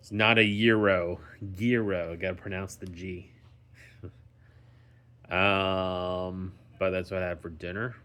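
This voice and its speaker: Slow, deep-voiced man rambling in a vlog. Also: little pitch movement, pushed and bright, clean tone. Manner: slow, rambling, many ums and restarts. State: recovering, tired. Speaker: vlogger. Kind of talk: casual daily vlog.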